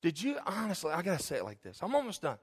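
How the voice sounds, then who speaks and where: A man preaching in a church, joking with the congregation, calling on people by name, then dropping into a soft, earnest tone. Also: high voice, huge pitch swings, quick pace, slightly rough. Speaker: pastor. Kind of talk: sermon. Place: church sanctuary.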